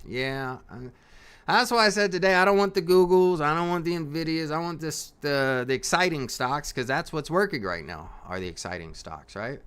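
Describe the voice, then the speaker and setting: A man's voice: on the high side, animated, moderate pace, a bit bright, smooth. A man hosting a live stock market stream in casual commentary. He talks in a folksy way, laughs often and keeps asking "right?".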